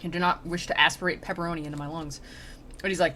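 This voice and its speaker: A woman's voice: lowish voice, steady tone, fast talker, pushed and bright, a little hiss or hum. A woman streamer chatting casually and rambling in slang while reading a poem aloud.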